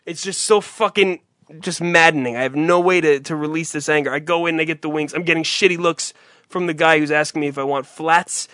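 Male talk host, profane rambling ranter, bright and forceful tone, dry close sound. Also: on the high side, brisk, no echo. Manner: rambling, profane, exasperated storytelling. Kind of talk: profane comedic rant.

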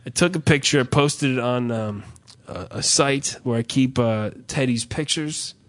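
A man's voice: medium pitch, measured pace. A man hosting a podcast, telling a rambling, profane comic story in casual chat. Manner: profane, rambling, animated rants. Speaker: podcast host.

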